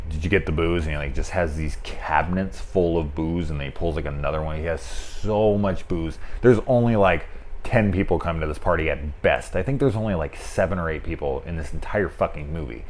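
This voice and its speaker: A man with a notably low, deep voice talks through a film review in an offhand, unscripted way. He rambles, leans on filler words and swears freely, amused by what he describes. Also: normal speed, slight background noise. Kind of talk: casual spoken movie review.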